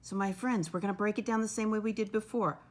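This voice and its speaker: A woman speaking at an ordinary middle pitch as a first-grade teacher giving a recorded lesson. She is patient and encouraging, and she counts aloud slowly and clearly so young children can follow along. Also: fairly even intonation, a little mellow. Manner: patient, encouraging, often says "my friends".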